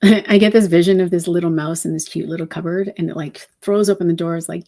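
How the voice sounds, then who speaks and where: A woman giving a spiritual channeling talk as a numerology reader, speaking in a meandering, reflective and unhurried way with many soft fillers. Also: on the low side, fairly even intonation.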